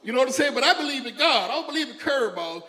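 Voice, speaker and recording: In an echoey hall with long reverb, a man with a very high, sharp, expressive voice talks at rapid-fire speed. He's performing stand-up on stage, telling stories in a loose, chatty way and throwing asides back at the crowd.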